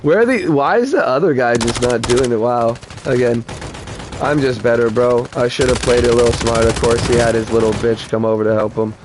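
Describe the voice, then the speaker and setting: A man's voice: mid-range voice, fairly quick, background noise. Profane man streaming a game. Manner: blunt, profane, heated rambling. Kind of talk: casual gaming stream storytelling.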